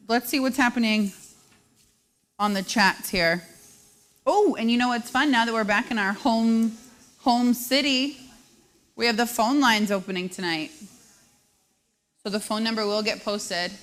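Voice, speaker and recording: A woman in her thirties hosting a live show, chatting casually and joking at her own expense. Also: fairly high pitch. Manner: self-deprecating, joking, laughs often. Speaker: host.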